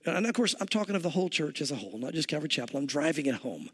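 A pastor with a notably high voice preaches verse by verse from the pulpit, retelling the scene as a vivid, chatty story and leaning on "you know." His delivery is sing-song, racing and husky.

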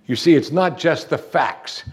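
A man's voice: on the high side, expressive, unhurried. A man preaching a sermon, telling a story and acting out the quoted lines with big swings in his voice.

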